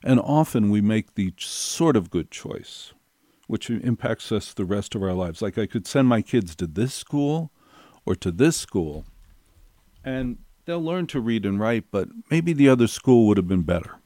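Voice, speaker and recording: A man's voice: on the low side, expressive, a little slow, dark tone, no echo, studio quality. A middle-aged man telling a personal anecdote in a wry, digressive way, circling back and repeating key phrases for effect. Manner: wry, digressive, building stories with repetition. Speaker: storyteller.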